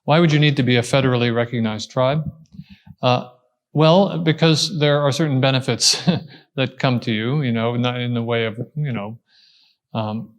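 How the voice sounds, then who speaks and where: A man answering an audience question at a talk, explaining step by step, pausing and restarting as he thinks. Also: medium pitch, fairly even intonation. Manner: thoughtful, explaining step by step with frequent pauses and restarts.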